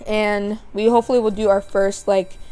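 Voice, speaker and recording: Young woman, chatty game commentary, giggly, mellow voice, faint music behind. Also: medium pitch, level tone, moderate pace. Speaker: gaming channel host. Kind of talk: let's play commentary. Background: faint background music.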